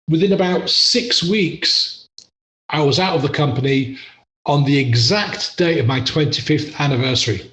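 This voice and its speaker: A man's voice: fairly high pitch, brisk, roomy sound. Chatty English man telling stories. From England. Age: middle-aged. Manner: chatty, self-deprecating, laughs often. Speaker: podcast guest. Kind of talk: casual storytelling interview.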